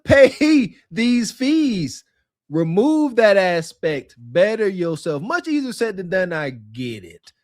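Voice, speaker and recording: A man's voice: high-pitched, no room sound, clean studio sound. A man co-hosting a podcast in casual commentary, preachy and emphatic, laughing often. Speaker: podcast co-host.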